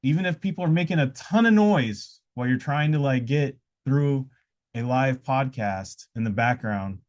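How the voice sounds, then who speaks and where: A man's voice: mid-range voice, moderate pace, dull audio. Rambling, easygoing man hosting a podcast. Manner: rambling, loose, with frequent "uh" and restarts. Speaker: podcast host. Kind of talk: casual motivational podcast talk. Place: indoors during a live podcast, with noise around.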